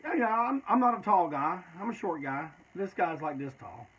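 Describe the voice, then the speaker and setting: A man's voice: high voice, animated, normal speed, fairly bright tone, slightly rough, poor audio. A man telling stories in a loose, rambling, profane way, often tacking "man" onto his sentences. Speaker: storyteller. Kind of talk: casual storytelling.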